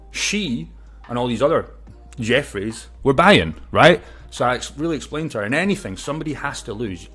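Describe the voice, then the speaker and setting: In a casual talking-head video, a crypto YouTuber with a slightly rough, mid-range voice tells stories and shares opinions. He's brash and swears freely, keeping the storytelling lively.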